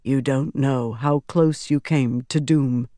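Brief: grave calm leader, unhurried and dry, read by an audiobook narrator. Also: mid-range voice, no room sound, lightly acted. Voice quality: quiet and steady.

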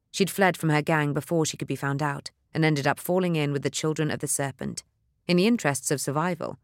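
In a clean studio recording with no room sound, a medium-pitched narrator reads a dark fantasy novel aloud. The audiobook narration is delivered in a measured, steady storytelling style.

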